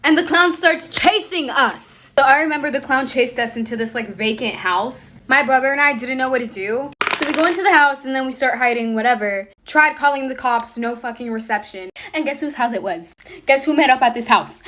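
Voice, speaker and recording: Bright, animated young woman telling a story. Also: sits high, a little fast. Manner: animated, swears freely. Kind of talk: casual storytime.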